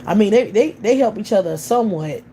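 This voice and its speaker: A woman's voice: mid-range voice, animated, a little fast, dark tone, a little hiss or hum. A woman hosting a livestream, ranting bluntly with heavy profanity. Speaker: livestream host. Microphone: computer or phone mic on a livestream.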